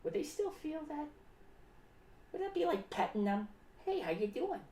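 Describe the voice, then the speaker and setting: An excitable clown , as a woman puts on, who rambles from one idea to the next and talks about herself in the third person. The voice sits high and leaps up and down in pitch. It sounds roomy and a little distant from the mic. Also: normal speed, a little hiss or hum. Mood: musing. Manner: rambling, jumps between topics, sudden shouts and drops. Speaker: clown character host. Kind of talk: improvised comic monologue. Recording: roomy echo, away from mic.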